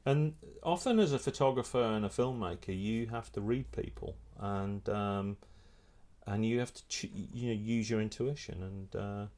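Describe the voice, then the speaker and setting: A middle-aged man, a photographer and filmmaker, telling a lively anecdote in a casual interview, restarting his sentences often. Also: lowish voice, normal speed. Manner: animated storyteller, many restarts.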